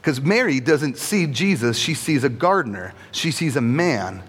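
A man's voice: mid-range voice, expressive, moderate pace, breathy edge. Conversational male preacher in a reverberant hall. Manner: conversational and humorous, with frequent rhetorical "right?". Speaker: pastor. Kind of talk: sermon.

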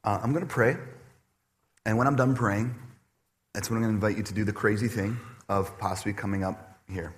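A man preaching a sermon to his congregation, animated and personal, acting out quoted voices with laughter. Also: lowish voice, brisk, a little hiss or hum. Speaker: pastor. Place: church stage before a congregation.

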